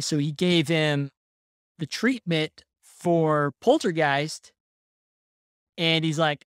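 A podcast host telling a story in casual chat, relaxed and laughing often. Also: medium pitch, slow, clear, resonant tone, dry recording, clean studio sound.

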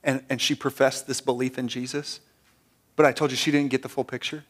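A man's voice: medium pitch, little pitch movement, fairly quick, a bit bright. A man preaching a sermon as pastor, earnest and conversational, often repeating words as he restarts.

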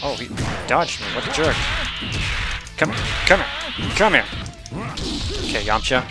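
A man giving excitable, playful commentary on his own fighting-game play, yelling at opponents and laughing often. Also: mid-range voice, unhurried. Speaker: gaming streamer. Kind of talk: live gameplay commentary. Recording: game music playing behind the voice.

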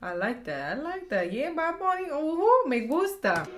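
A woman hosting a casual reaction chat, excitable, exclaiming and laughing often, swearing casually. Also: high-pitched, normal speed. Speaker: reaction video host.

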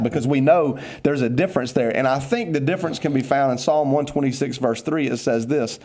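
A man's voice: mid-range voice, fairly quick, hardly any pauses, darkish tone. A man, a pastor giving a casual, upbeat devotional talk on a podcast, teasing his co-host, then turning earnest.

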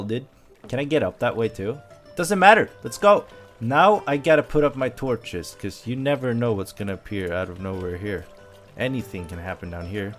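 A man doing excitable let's play commentary, yelping when startled. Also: mid-range voice. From Sweden. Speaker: gameplay commentator.

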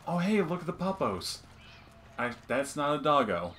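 A man's voice: fairly high pitch, big pitch swings, moderate pace, fairly bright tone, a little hiss or hum. A man joking and swearing while playing a video game with his mother. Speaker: let's play host. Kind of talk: casual gameplay chat.

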